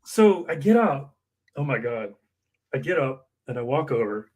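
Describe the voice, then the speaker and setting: A man telling a long personal anecdote in an emotional, animated way, acting out the people in it. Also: mid-range voice, unhurried, breathy edge. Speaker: campaign worker guest. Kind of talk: storytelling anecdote.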